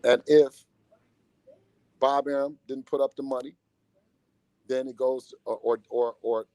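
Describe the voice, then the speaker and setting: A man talking casually in an interview as a boxer's father and manager, animated and slangy, often repeating himself. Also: medium pitch, measured pace, dry recording.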